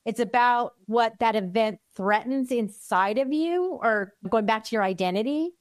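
A woman with a high voice hosts the conversation. She tells a story in an animated way before moving on to her questions. Her voice sounds close and dry. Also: normal speed, no room sound. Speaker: host. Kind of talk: interview conversation.

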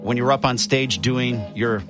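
A man's voice: mid-range voice, fairly even intonation, normal speed, over music. A man hosting a morning radio show, playing the straight man in casual banter with stammering restarts. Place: radio studio.

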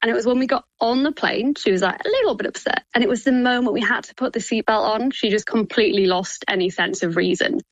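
Chatty mum, thirties, slightly high, dry and close, animated storyteller. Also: female voice, fast, few pauses, no echo, low-quality recording. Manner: chatty, laughs often, acts out quotes. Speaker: podcast guest. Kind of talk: casual chat.

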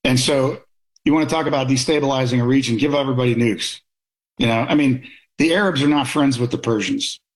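A man's voice: mid-range voice, brisk, low-quality recording. A middle-aged man speaking as an interview guest, a military officer giving blunt, opinionated views and telling stories in a conversational way.

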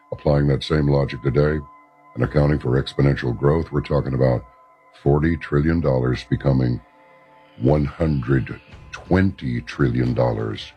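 A man's voice: a bass voice, a little mellow, husky. A man hosting a talk radio show, reading an article aloud and adding wry asides.

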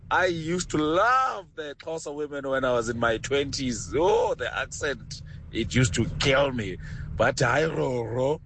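A man's voice: medium pitch, unhurried. Man, Sesotho South African accent, radio caller, exuberant, faint background noise. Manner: exuberant, animated. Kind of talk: phone-in comment.

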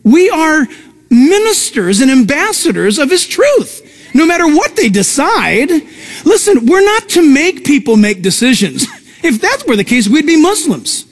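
A male pastor preaching a sermon with emphatic pitch jumps, breaking into conversational asides to the congregation. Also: big pitch swings, measured pace.

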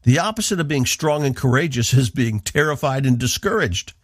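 A man's voice: medium pitch, expressive, a little fast, dry recording. A man from the northeastern United States, a radio Bible teacher giving an earnest, emphatic devotional talk into a studio microphone.

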